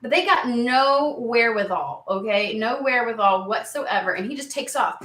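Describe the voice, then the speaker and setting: A woman's voice: fairly high pitch, lively intonation, moderate pace, fairly bright tone, echoey room. A woman giving a casual tarot reading to camera, chatty and rambling, easily sidetracked. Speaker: tarot reader.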